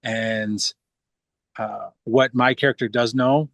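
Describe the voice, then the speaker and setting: Actor guest, man, relaxed rambling interview talk, dry close recording. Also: medium pitch, slow pace, creaky, dry recording. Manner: relaxed, rambling, many restarts. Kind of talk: casual interview chat.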